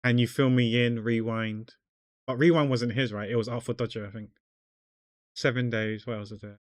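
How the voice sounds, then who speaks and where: A man's voice: medium pitch, steady tone, normal speed, no echo, clean studio sound. A man chatting casually with his viewers while drawing on a livestream, rambling and joking. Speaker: art streamer.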